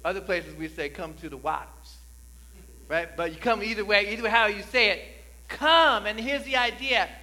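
High, bright-voiced male pastor preaching. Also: fast talker, few pauses, low-quality recording. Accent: New Jersey. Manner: conversational, rising to emphatic preaching. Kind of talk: sermon. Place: church sanctuary.

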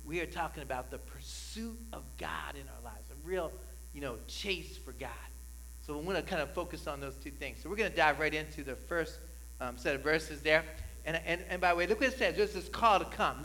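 A man's voice: a little high, a little fast, pushed and bright, rough recording. A male pastor with a New Jersey accent preaching a sermon in a church, conversational and often building to emphatic passages. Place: church sanctuary.

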